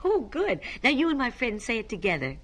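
A woman reading a children's story aloud, animated and coaxing listeners to repeat tongue twisters. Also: on the high side, a little fast, slightly rough.

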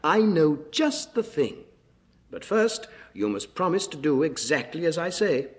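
A man's voice: on the high side, sing-song, a little slow. A man presenting for children, singing and reciting nursery rhymes in a playful, coaxing sing-song. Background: music.

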